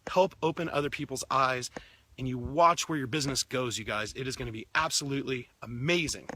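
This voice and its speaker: A man giving an energetic, upbeat motivational talk to his team, often repeating words as he pushes ahead. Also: medium pitch, a little fast, a little hiss or hum.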